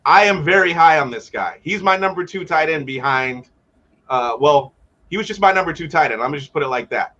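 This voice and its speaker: Male co-host analyst, bright and keen, audio a bit dull and lo-fi. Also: on the high side, expressive, brisk. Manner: eager, talks players up. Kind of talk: casual sports talk show.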